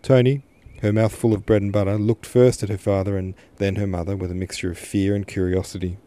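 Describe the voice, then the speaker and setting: Male podcast narrator, classic novel reading, low pitch, mellow tone, unhurried. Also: flat delivery. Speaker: podcast host, literature reader. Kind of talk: audiobook narration.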